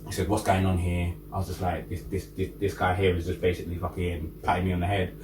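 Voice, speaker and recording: A young man with a lowish voice, telling a story in a relaxed, unhurried way. He sits back from the mic in an echoey room, with faint noise in the background. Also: recorded from a distance. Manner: relaxed storyteller, builds to indignation. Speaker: podcast co-host. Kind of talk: casual chat.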